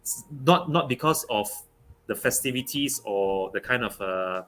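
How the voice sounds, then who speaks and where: Man, young adult, from Malaysia, casual football chat, halting, many fillers, restarts. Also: fairly low pitch, expressive, a bit bright, faint music behind. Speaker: guest pundit.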